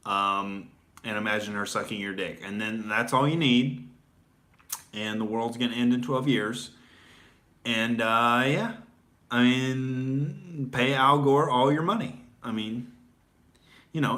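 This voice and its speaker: Male comedian host, sarcastic ranting delivery, bright tense tone. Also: medium pitch. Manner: sarcastic, mocking, rambling with many fillers. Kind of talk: comedic political rant.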